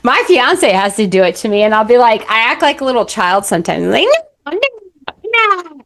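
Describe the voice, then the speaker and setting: A woman's voice: on the high side, lively intonation, quick pace. A young adult woman, a relationship coach, talking bluntly and animatedly in a candid podcast conversation, slipping into acted-out voices.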